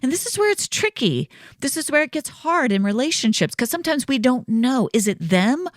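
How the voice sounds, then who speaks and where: A woman's voice: high voice, big pitch swings, a little fast, no echo. Reassuring woman podcast host, dry close mic. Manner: conversational, reassuring, often asks "right?". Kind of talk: casual solo podcast teaching.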